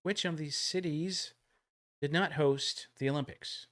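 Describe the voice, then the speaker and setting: A man hosting a casual livestream trivia giveaway, joking around and calling out loud countdowns. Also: fairly high pitch, measured pace. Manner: jokey, animated, loud countdowns.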